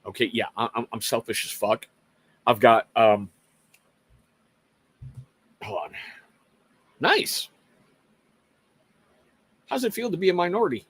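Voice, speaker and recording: A man's voice: medium pitch, big pitch swings, slow pace, pauses often, slightly rough, no echo. A middle-aged man from Washington State hosting a casual live talk show, speaking earnestly to viewers with rambling, self-mocking asides. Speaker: livestream host.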